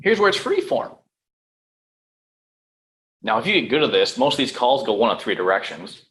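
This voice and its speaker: A man teaching real estate sales in a room with an audience, lively, checking in with "right?" and "okay?" and acting out phone calls. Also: mid-range voice, moderate pace, slight background noise, low-quality recording. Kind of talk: live sales training talk.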